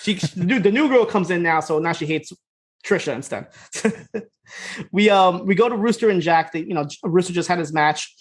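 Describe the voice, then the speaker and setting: A man co-hosting a podcast, casually retelling scenes in a loose, fast way, slipping into quick quoted voices and laughing. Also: high voice. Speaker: podcast co-host. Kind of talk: casual recap chat.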